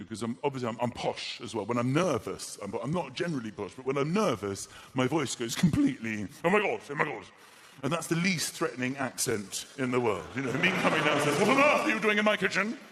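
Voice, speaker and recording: A man doing live stand-up comedy, animated and self-mocking. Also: mid-range voice. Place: comedy stage before an audience. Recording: loud live-venue background noise.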